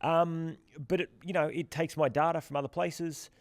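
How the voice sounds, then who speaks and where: A man's voice: fairly high pitch, steady tone, moderate pace, no room sound. A man co-hosting a podcast in casual chat, rambling with many restarts and fillers. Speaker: podcast co-host from the platform's team.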